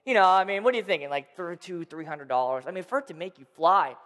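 Man, 30s, high voice, playful storyteller, talks to the crowd, large hall with long reverb. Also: lively intonation, quick pace, fairly bright tone. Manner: playful, addresses the crowd directly. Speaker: storyteller speaking to an audience. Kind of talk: animated personal storytelling.

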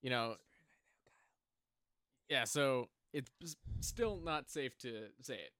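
A podcast host chats casually at home, rambling with lots of fillers while speaking close into a drum mic on a stand. His mid-range voice is expressive, slow, and a bit bright, and the recording is dry.

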